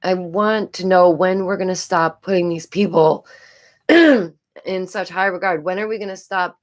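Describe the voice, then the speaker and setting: This live-stream host has a lowish voice, a New York accent and an unhurried delivery. Her commentary is casual and chatty, full of repeated phrases and frequent giggles, and she has a stuffy nose.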